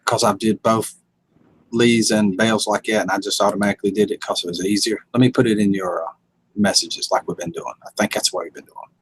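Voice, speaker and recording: A man's voice: on the low side, fairly even intonation, fairly quick, husky, rough recording. A man, hosting a folksy, easygoing casual chat. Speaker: host.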